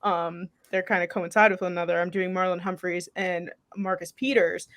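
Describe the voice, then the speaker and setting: A woman co-hosting a casual podcast, talking fast with lots of "like" and sounding nervous about the matchup. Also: fairly low pitch, level tone, a bit bright. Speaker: podcast co-host.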